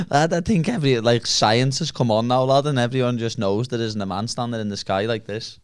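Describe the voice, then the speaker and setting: A man's voice: mid-range voice, expressive, brisk, clean tone. A man hosting a casual podcast chat, blunt and sweary, calling everyone "lad" and laughing at his own stories. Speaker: podcast host.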